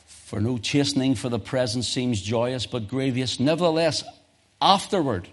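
A man preaching a sermon as pastor, emphatic, swinging from loud exhortation to near whispers. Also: medium pitch, moderate pace.

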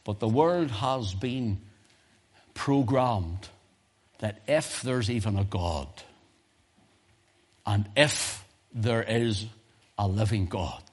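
British preacher swinging quiet to loud. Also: male voice, expressive, slow pace, pauses often, husky. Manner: swings from quiet low musing to loud high-pitched exhortation. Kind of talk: sermon.

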